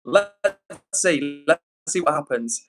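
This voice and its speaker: An English man hosting a casual livestream, upbeat and chatty as he reads out comments and gives shout-outs. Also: a little high, lively intonation, takes it slowly, faint music behind, rough recording. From England. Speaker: livestream host.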